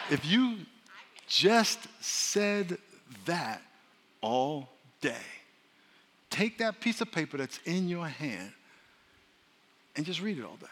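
A man's voice: a little high, big pitch swings, a little slow, long pauses, pushed and bright, slight background noise. A man preaching a sermon as pastor, joking with the congregation and leading call-and-response declarations. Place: large church hall. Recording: long church-hall reverb.

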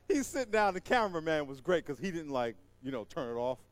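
A man doing stand-up storytelling, animated and acting out the voices in his story while laughing at it himself. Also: fairly high pitch, moderate pace, no room sound. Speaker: comedian.

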